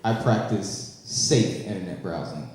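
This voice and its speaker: A man's voice: deep voice, a little slow. A man doing a brash, self-mocking stand-up set on a handheld mic at a comedy bar, riffing with the crowd. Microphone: handheld stage mic. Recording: echoey club, live mic.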